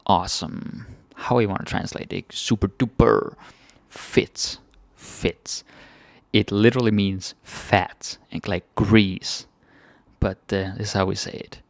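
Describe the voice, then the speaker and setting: A man's voice: low-pitched, creaky, no room sound. A Danish man teaching phrases in a casual, chatty lesson, repeating each one with varied intonation. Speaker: language teacher.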